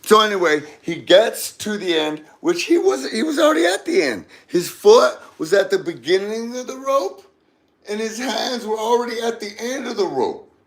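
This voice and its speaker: A man's voice: high-pitched, big pitch swings, moderate pace. A man telling a comedic story in a rambling way, mixing up names and correcting himself as he goes.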